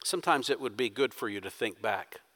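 A man preaching a sermon as pastor, emphatic, swinging from loud urging to quiet intensity. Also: mid-range voice, lively intonation, a little fast, long reverb tail.

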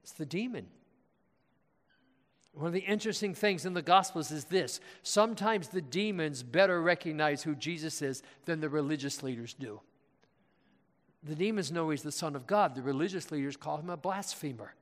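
A man's voice: fairly high pitch, expressive, normal speed, fairly bright tone. A man preaching a sermon as pastor, asking his congregation questions and leaning hard on key words. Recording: long reverb of a large hall.

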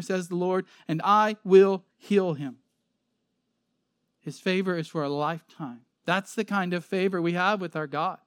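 Earnest higher-voiced man preaching. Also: no echo, studio quality. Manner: earnest, emphatic, reads scripture aloud with added commentary. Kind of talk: sermon, expository Bible teaching.

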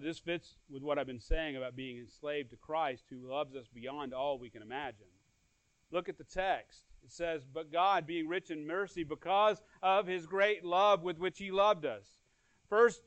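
A man with a high voice preaches a sermon in dry, close sound with no room echo. He speaks earnestly, rising in force and then falling quiet. He repeats phrases and restarts words mid-thought. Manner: earnest preaching, swelling louder then dropping soft. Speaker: pastor.

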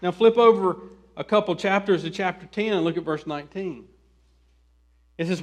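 Guy preaching, pretty high voice, reads verses, asks the crowd stuff, goes quiet then loud and urgent. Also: animated, a little slow, pauses often. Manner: swings from quiet asides to loud emphatic pleading; reads scripture aloud and questions the listeners. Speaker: pastor. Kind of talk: expository sermon.

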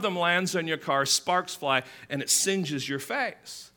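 Man, pastor, sermon, bright tone, slightly high pitch, animated delivery. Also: normal speed, hardly any pauses. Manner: animated, acts out quotes with rising pitch and volume.

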